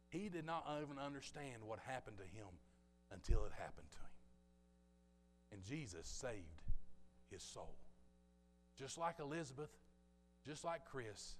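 A man preaching a sermon, telling a story with passion and swinging between loud bursts and hushed asides. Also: medium pitch, animated, normal speed, long pauses, slight background noise. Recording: long reverb of a large hall.

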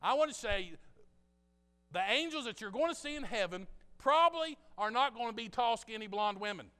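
Speaking straight to his congregation in a church sanctuary, a man preaches in a chatty, joking style full of asides. His voice is very high-pitched, bright, forceful, clear and resonant, with lively intonation at a normal speed. A long hall reverb surrounds the recording.

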